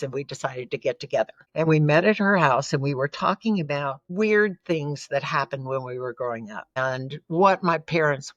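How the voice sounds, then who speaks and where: A woman's voice: extremely low pitch, no room sound, lo-fi sound. A woman giving an earnest, emotional personal testimony as a guest in an interview. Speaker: podcast guest.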